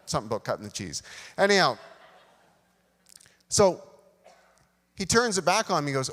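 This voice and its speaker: A man's voice: on the high side, sing-song, normal speed, long pauses, fairly bright tone. A man preaching a sermon, telling a self-deprecating personal story and acting out the dialogue. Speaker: pastor. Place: church sanctuary. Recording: long hall reverb.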